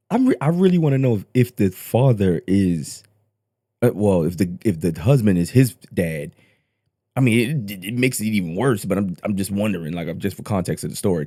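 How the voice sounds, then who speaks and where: A man's voice: deep voice, no room sound, clean studio sound. Incredulous man reacting. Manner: incredulous, animated, repeats himself. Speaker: host reacting to a clip. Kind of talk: casual reaction commentary.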